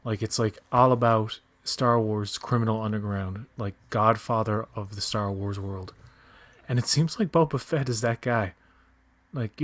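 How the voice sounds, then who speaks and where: A man's voice: medium pitch, moderate pace, no room sound. A man with a New Zealand accent co-hosting a podcast, chatting casually with crude jokes. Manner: casual, profane, joking. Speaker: podcast co-host. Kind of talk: casual chat.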